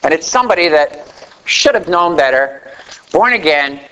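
A middle-aged man preaching a sermon, telling a story with animated delivery that swings between loud emphasis and quiet asides. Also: normal speed, clean tone, poor audio. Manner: animated storytelling preacher, rising to a near shout then dropping low.

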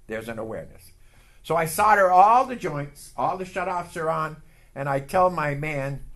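A man preaching a sermon and telling a personal story, emotional and building to loud outbursts. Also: on the high side. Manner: emotional, building to shouts, leads call-and-response. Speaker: pastor. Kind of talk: sermon with testimony.

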